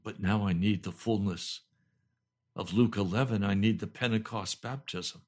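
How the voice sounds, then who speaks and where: An older male pastor, slightly hoarse, preaching a fervent sermon that swings between loud pleading cries and low, intense urging. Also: normal speed. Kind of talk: impassioned home sermon video.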